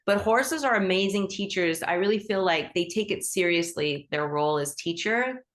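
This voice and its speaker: A woman hosting a live online group class as a teacher, talking with enthusiasm and big swings in pitch. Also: moderate pace, fairly bright tone. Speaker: animal Reiki teacher and host. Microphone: video call.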